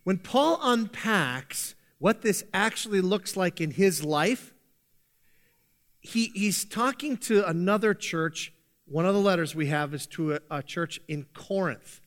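Male pastor, high voice, chatty and emphatic sermon delivery. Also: animated, measured pace, fairly bright tone. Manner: conversational, emphatic, playful sarcasm.

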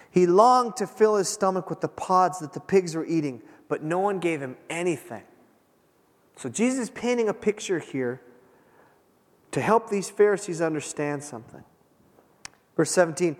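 A man preaching a sermon, retelling a scripture story with dramatic pauses and emphasis. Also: high voice, expressive. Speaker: pastor. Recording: long hall reverb.

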